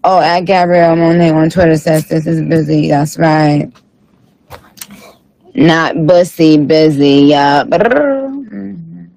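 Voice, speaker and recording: Sassy worn-out rap diva , a guy putting her on, slow drawl, gravelly fry all through, lots of attitude reading chat. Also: a little high, a little mellow, no echo, poor audio. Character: sassy tired female rap star, late-night livestream. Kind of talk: comic impression reading live chat.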